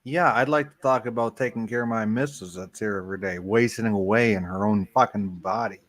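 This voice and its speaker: A man chatting as a guest on a casual livestream, swearing freely and bursting out loudly. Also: lowish voice, a little fast. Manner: loud, profane outbursts.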